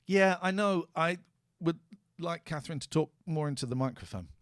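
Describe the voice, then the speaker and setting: A man's voice: a little high, moderate pace, no room sound, studio quality. A man hosting a casual podcast, chatting loosely and swearing freely while fussing over audio levels. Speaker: podcast host. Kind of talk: casual chat. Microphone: close studio mic.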